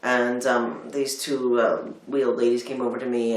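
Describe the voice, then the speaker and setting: A man's voice: medium pitch, normal speed, few pauses. A man from Philadelphia co-hosting a casual film chat, telling rambling stories and acting out what people said. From United States (Philadelphia). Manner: rambling storyteller, acts out quotes. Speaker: film review co-host. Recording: roomy, distant mic.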